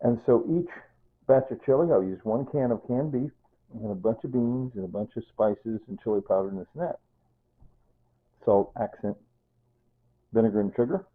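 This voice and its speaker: An older man chatting in a rambling way about his home food stores, repeating himself and clearing his throat often. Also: fairly low pitch, normal speed, pauses often. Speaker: prepping vlogger. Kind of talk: rambling casual vlog talk. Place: home room with pantry shelves and computer. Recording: tinny phone-like audio.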